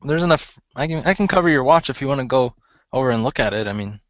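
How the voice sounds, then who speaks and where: A man's voice: mid-range voice, expressive, fast talker, dry recording, dull audio, close to an everyday voice. A man voicing a dismissive female companion at camp, talking in an offhand way. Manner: offhand, brushing things off.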